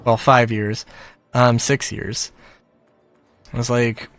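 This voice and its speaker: Speaking slowly in a mid-range, slightly bright voice with little pitch movement, a gaming commentator rants to camera about a game. He's frustrated and rambling, full of fillers and sighs, laughing briefly between phrases, in a dry recording.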